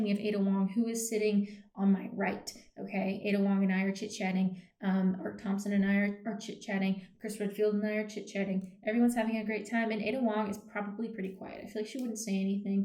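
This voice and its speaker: Young woman vlogging, chatty and loose, lots of ums and likes, kinda mellow, echoey room. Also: mid-range voice, little pitch movement, fast, few pauses. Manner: chatty, loose, peppered with 'um' and 'like', casual swearing. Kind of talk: casual rambling commentary.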